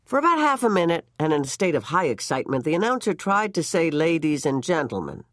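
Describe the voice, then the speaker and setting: Expressive storybook narrator. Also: medium pitch, fast, no echo, clean studio sound. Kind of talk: story reading.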